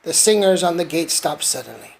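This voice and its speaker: A man reading a storybook aloud to his son in a gentle, even way. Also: on the high side, a little fast, vocal fry. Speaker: father reading a bedtime story.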